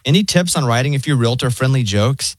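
A man hosting a radio show from a studio, recorded close and dry with no room sound. He tells stories in a relaxed, casual way, with a dry, understated delivery and a mid-pitched voice. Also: brisk, dry recording. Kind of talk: casual morning show banter. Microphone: studio microphone.

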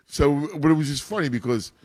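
A man's voice: fairly high pitch, brisk, a little mellow, no room sound, clean studio sound. A man in a casual chat about his son's baseball, rambling with many restarts. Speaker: youth baseball father and coach.

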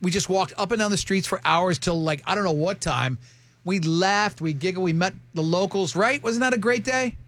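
A man in his fifties chats casually as a host, his voice gravelly and a touch higher than most men's. He rambles through stories, restarting sentences and laughing easily. His tone has a rough, grainy edge throughout. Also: moderate pace, fairly bright tone, no room sound. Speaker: radio show host talking about his marriage. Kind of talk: casual chat.

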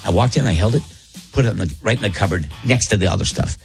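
A man with a somewhat low voice hosts a morning radio show in a studio. He jokes with his co-hosts and tells rambling stories that keep stopping to restart. Music plays softly behind him. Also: quick pace. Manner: jokey, rambling, self-interrupting. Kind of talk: casual on-air banter and storytelling. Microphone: studio broadcast mic.

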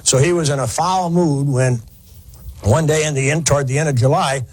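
A man's voice: fairly high pitch, fairly even intonation, moderate pace, a little mellow, husky, poor audio. A man telling a war story in a folksy, conversational lecture, with fillers and restarts. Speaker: historian lecturer.

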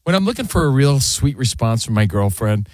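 A man co-hosting a sports radio show in casual banter, animated and mocking, acting out quotes in little voices. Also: medium pitch, fairly quick, dry recording.

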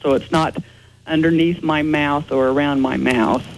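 A man's voice: on the high side, fairly even intonation, measured pace, vocal fry, a little hiss or hum, poor audio. A man answering interview questions as a ghost investigator, explaining in a matter-of-fact way.

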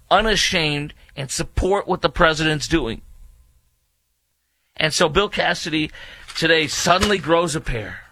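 A man's voice: high voice, bright, forceful tone, dry recording. A man hosting opinionated political commentary, reading quotes aloud and rebutting them with mocking indignation.

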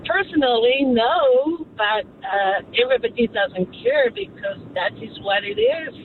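A woman's voice: sits high, big pitch swings, measured pace. A woman calling in to a radio show, speaking English with an accent, hesitant and full of filler sounds. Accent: non-native English. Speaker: caller. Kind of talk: phone-in chat. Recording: tinny phone line with faint vehicle noise.

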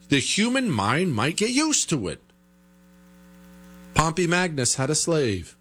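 An American man hosting an opinionated political talk show, animated and rhetorical, with mocking asides. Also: fairly high pitch.

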